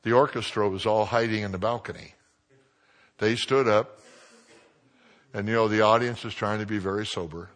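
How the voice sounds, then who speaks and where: An older man preaches with a loud, forceful voice that cuts through the room. He tells anecdotes to the congregation, sliding between quiet asides and booming punchlines. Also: moderate pace, long pauses. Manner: lively anecdotal preaching, swinging from hushed to booming. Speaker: pastor. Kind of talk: sermon storytelling.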